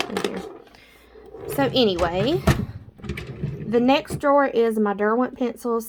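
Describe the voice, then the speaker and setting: A woman's voice: medium pitch, noisy background. A woman casually showing her drawing supplies in a vlog, chatty and a little out of breath, with lots of filler words. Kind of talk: casual show-and-tell vlog.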